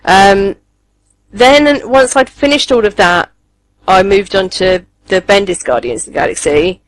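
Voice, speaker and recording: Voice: medium pitch, a little slow, slight background noise, poor audio. A podcast co-host, chatting casually and eagerly, with many ums and restarts. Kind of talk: casual chat reviewing comics.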